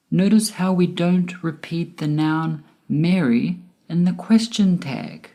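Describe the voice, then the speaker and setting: A woman with a low, mellow voice teaches a scripted grammar lesson. She speaks slowly and deliberately, and she stretches the rise and fall of her example sentences to show the intonation. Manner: slow, deliberate, with exaggerated rising and falling example intonation. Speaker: English teacher.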